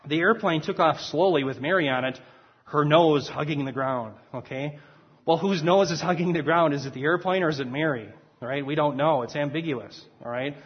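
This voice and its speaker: A middle-aged man giving a relaxed classroom lecture, chuckling at his own examples. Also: on the high side, breathy edge. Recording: dull lo-fi lecture recording.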